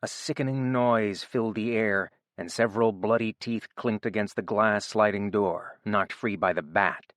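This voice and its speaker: A man narrating an audiobook in a steady, even storytelling voice. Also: lowish voice, normal speed, hardly any pauses, no room sound, studio quality. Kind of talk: scripted narration.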